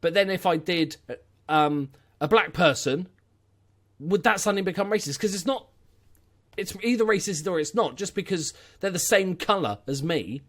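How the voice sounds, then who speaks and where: A man's voice: high-pitched, animated, moderate pace. A young man casually commentating his game, chatty and opinionated with rambling asides. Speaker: gaming YouTuber. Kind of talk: let's-play commentary.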